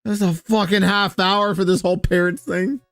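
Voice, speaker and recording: A man's voice: high-pitched, level tone, moderate pace, fairly bright tone, no echo, studio quality, faint music behind. A man streaming a reaction, casually commenting with sarcasm, swearing, and laughter. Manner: sarcastic, swearing, laughing, mocking with mimicked quotes.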